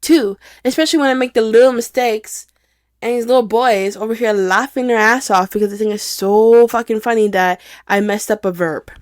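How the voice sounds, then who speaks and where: A woman's voice: on the high side, normal speed, dry recording, studio quality. A young adult woman hosting her own podcast, talking through her feelings in a loose, rambling way, full of "like", restarts and casual swearing. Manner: rambling, filler-heavy, swears freely. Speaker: podcast host. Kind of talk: candid casual monologue.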